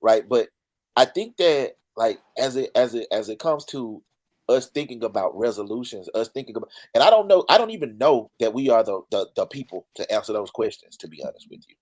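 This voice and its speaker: A man speaking in a measured, hesitant, thoughtful way in a casual group conversation. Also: mid-range voice, lively intonation, a little mellow. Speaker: fraternity brother in a panel talk. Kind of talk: casual chat.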